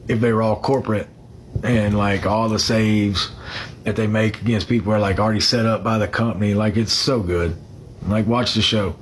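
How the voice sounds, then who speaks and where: A man's voice: fairly low pitch, slight background noise. A man chatting casually on a phone livestream. He rambles, fills the gaps with "uh", and greets viewers by name.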